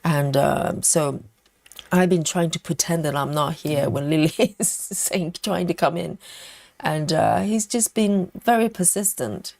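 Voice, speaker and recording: Gravelly-voiced woman chatting on a live stream. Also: low-pitched, a little slow, darkish tone, dry recording. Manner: chatty, reads out viewer comments, laughs often. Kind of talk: casual live-stream chat.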